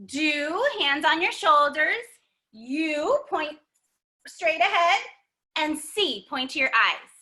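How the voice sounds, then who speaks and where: Woman, young adult, kids' yoga teacher, sing-song, encouraging, unhurried. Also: high-pitched, lively intonation, sharp tone. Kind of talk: children's story-time yoga class. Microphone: computer mic.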